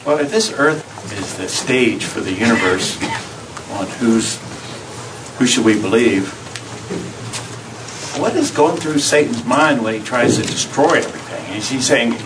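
A man's voice: medium pitch, lively intonation, a little slow, pauses often. A man in a Bible class asking a searching question, puzzled, picked up from far away with room hiss. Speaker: class member.

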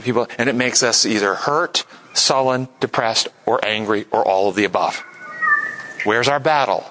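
A man teaching a church group, asking lively questions and sometimes mimicking others in a high voice. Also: moderate pace, slight background noise, low-quality recording. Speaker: church teacher leading a class discussion. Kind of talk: interactive sermon with audience questions.

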